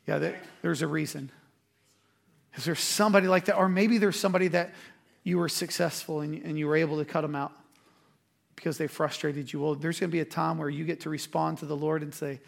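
A man, a pastor preaching a sermon and telling a self-deprecating story with animated energy. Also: fairly high pitch, fairly quick, vocal fry.

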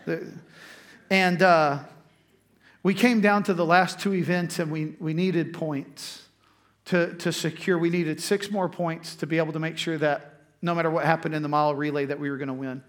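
A man's voice: on the high side, steady tone, moderate pace. A man preaching, telling a personal story in a conversational way before turning to scripture. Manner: conversational storytelling, frequent restarts. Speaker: pastor.

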